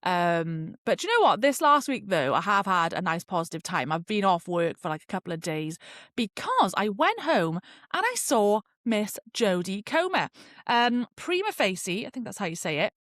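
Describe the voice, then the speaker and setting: A young woman chats on her own podcast, rambling along and leaning on "like" as a filler. Her voice sits at an ordinary pitch. The recording is dry and close. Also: sing-song, moderate pace, a bit bright, no echo. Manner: chatty and rambling, full of "like" fillers. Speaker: podcast host. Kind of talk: casual solo podcast chat.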